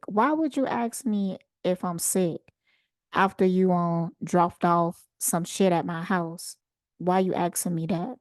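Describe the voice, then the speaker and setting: Slow-talking woman telling a story. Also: lowish voice, clean tone, no room sound, studio quality. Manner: unhurried, conversational, animated retelling. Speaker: channel host. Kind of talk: casual personal storytelling.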